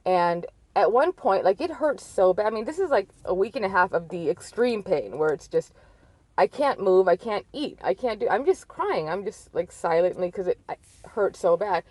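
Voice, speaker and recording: A woman in her thirties talks through a personal story in a loose, candid, rambling way, leaning on filler likes. Her voice sits at an everyday middle pitch. The sound is dry and close, with no room echo. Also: expressive, normal speed, darkish tone. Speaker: vlogger.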